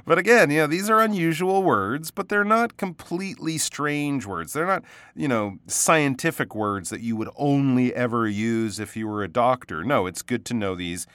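A man teaching English pronunciation in a casual spoken lesson, patiently explaining words and repeating them slowly. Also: medium pitch, fairly bright tone, dry recording, clean studio sound.

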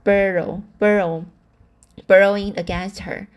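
A woman reading a classic novel aloud at a slow, deliberate pace and a middle pitch. She reads carefully, sometimes tripping over a word and going back to fix it. The tone is plain and steady. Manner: careful reading with frequent slips and self-corrections. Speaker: audiobook reader.

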